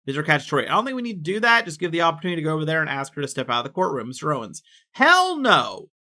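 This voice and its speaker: A man reading court records aloud with casual commentary, quick and offhand, dropping in personal asides. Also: on the high side, lively intonation, sharp tone.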